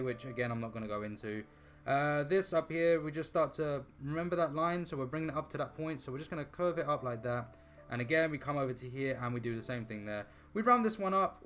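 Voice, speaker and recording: A man's voice: on the high side, a bit bright. Chatty man rambling through a drawing tutorial. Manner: chatty, thinks aloud, self-deprecating asides. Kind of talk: casual rambling drawing narration.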